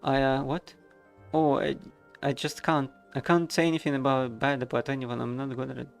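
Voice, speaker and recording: A sweet, perky young woman, shy about saying anything unkind, as a man puts her on. She chirps along in a gravelly, creaky register over faint music from the game. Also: medium pitch, flat delivery, moderate pace, lightly acted. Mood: timid. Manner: chirpy and apologetic. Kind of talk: reading game dialogue aloud.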